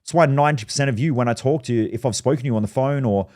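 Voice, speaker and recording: A man's voice: medium pitch, rapid-fire, darkish tone. Blunt, swearing motivational coach, man. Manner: blunt, swearing, fired-up storytelling. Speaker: business and mindset coach. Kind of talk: motivational monologue.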